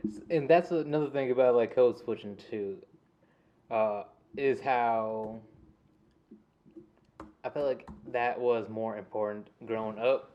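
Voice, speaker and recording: A man from the American South with a light Southern twang, co-hosting a podcast in easygoing casual chat that often trails off softly. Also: mid-range voice, a little slow, long pauses, dull audio. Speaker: podcast co-host.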